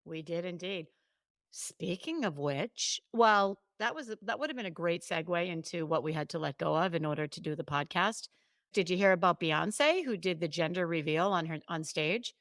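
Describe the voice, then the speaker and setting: Lively woman coach co-hosting a chat podcast; lower voice, dry booth sound. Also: dry recording. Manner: animated storyteller, quick asides and restarts.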